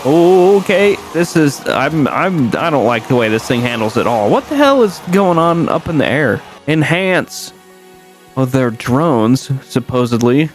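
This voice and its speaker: The speaker is a young YouTuber narrating a driving video game in a casual, rambling way. Self-corrections come often, and his pitch spikes when something surprises him.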